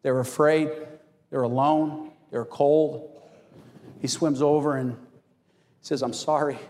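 A man preaching a sermon as pastor, telling stories with animated acted-out quotes. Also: mid-range voice, takes it slowly. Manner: animated storytelling, acts out quotes. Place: church hall. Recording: long hall reverb.

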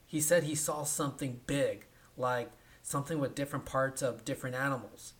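A man co-hosting a casual podcast, retelling a film plot in an animated way, acting out the characters' lines and often asking "right?". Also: medium pitch, brisk. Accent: Californian. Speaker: podcast co-host. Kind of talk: casual movie recap chat.

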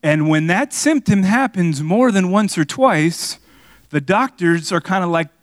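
A man's voice: unhurried, no room sound. A man from Miami preaching a sermon, telling a personal story and talking back and forth with the congregation. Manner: storytelling, conversational with the crowd, rising to excited highs. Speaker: pastor.

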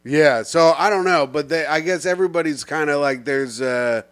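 A man's voice: on the high side, normal speed, a bit bright. A young man co-hosting a podcast, joking and rambling, sometimes searching for words, in casual chat. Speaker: podcast co-host.

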